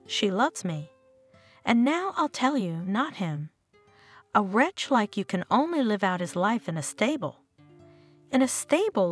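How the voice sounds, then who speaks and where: A woman's voice: medium pitch, husky. A woman voicing a spiteful, scheming older mother-in-law who mocks as she speaks. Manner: venomous, mocking.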